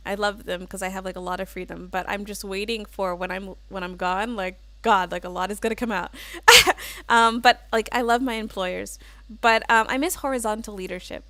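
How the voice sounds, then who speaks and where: A woman's voice: mid-range voice, moderate pace, pushed and bright, no room sound. A woman hosting a casual livestream, chatting and giggling as she reads out viewer comments with plenty of "like" and "um.". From United States. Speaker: livestream host.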